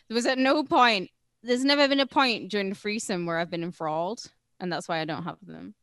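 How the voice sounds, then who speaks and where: A woman's voice: medium pitch, a little fast, fairly bright tone, no room sound, clean studio sound. A woman co-hosting a podcast, brash and crude, laughing often. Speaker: podcast co-host. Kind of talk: casual podcast chat.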